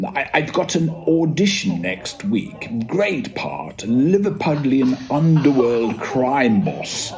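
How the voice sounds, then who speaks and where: A middle-aged man hosts a comedy sketch podcast in a sheepish, self-deprecating way. He speaks slowly and takes his time over every line. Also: mid-range voice, very animated, darkish tone. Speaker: podcast host.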